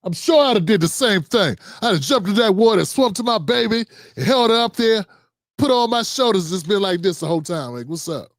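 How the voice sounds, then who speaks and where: A man's voice: high voice, animated, fairly quick, dry recording, clean studio sound. A man hosting a livestream show, reading out viewer comments and signing off in a loose, slangy, chatty way. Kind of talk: casual sign-off and comment shout-outs.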